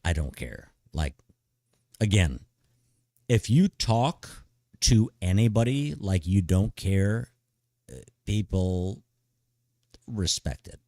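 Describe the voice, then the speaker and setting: A man's voice: deep voice, animated, slow pace, pauses often, dark tone, no room sound, studio quality. A middle-aged man streaming live, giving blunt, profane big-brother advice in a laid-back way and saying "dude" constantly. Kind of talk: casual live-stream chat.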